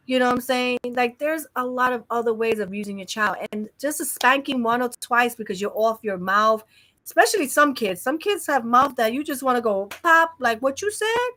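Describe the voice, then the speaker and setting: A woman's voice: fairly high pitch, normal speed, pushed and bright. A woman hosting a casual late-night chat, blunt and outspoken. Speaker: host.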